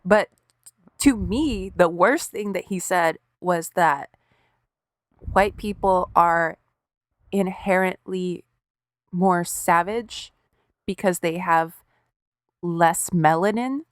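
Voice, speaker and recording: A woman co-hosting a podcast, telling stories in a casual, profane, animated way. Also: lowish voice, slow pace, long pauses, dry recording, clean studio sound. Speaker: podcast co-host. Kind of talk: casual chat.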